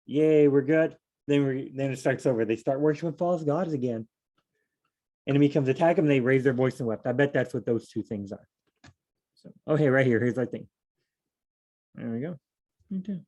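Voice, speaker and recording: A man leading a casual Bible study, reading verses aloud and explaining them in a chatty, animated way. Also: mid-range voice, moderate pace, long pauses.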